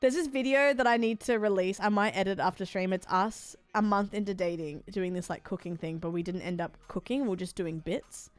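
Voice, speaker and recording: A woman's voice: medium pitch, fairly quick, hardly any pauses. A woman streamer chatting casually while she plays, rambling and frank, swearing freely with lots of fillers. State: sore body.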